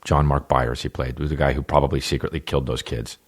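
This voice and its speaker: A middle-aged man talks loosely into his podcast, swearing freely and doubling back on himself mid-sentence. His voice sits very low. The talk wanders from one tangent to the next in an offhand, casual way. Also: fairly even intonation, fast. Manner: profane, loose, restarts and tangents. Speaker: podcast host. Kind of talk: casual rambling monologue.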